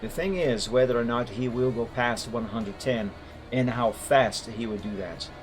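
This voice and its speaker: A man with a mid-range voice talks at a normal speed while streaming live. He moderates a game server and works methodically through recorded gameplay footage, explaining it step by step as faint music plays in the background.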